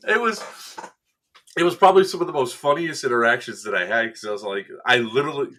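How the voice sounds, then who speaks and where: Bright-voiced man telling a lively story. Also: mid-range voice, fast talker, a little hiss or hum. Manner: animated storytelling, acts out quotes, laughs often. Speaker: event staff member recounting a game day. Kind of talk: casual podcast chat.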